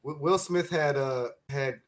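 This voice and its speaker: A man's voice: mid-range voice, unhurried. A man guesting on a casual podcast, laughing often and talking loosely.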